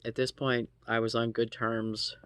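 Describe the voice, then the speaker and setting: A man telling a personal story in a casual vlog, halting and profane, often restarting his sentences. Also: medium pitch, little pitch movement, a bit bright, smooth, no echo. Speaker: vlogger.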